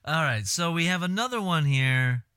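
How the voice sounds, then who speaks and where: A man's voice: on the high side, animated, normal speed, pushed and bright, smooth, no echo, studio quality. A man co-hosting a podcast, chatting casually in a wry, rambling, profane way about songs. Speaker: podcast co-host. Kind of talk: casual chat reacting to songs.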